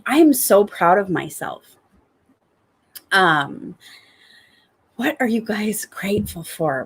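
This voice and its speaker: A woman talking to her viewers in an upbeat, enthusiastic gratitude vlog, returning again and again to the same warm phrases. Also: mid-range voice, breathy edge. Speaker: spiritual coach.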